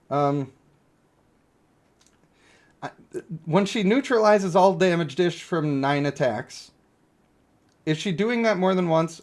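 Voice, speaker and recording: Streaming a mobile game, a young man thinks aloud about characters, rambling and joking throughout the casual commentary. His voice leans high with a darkish tone.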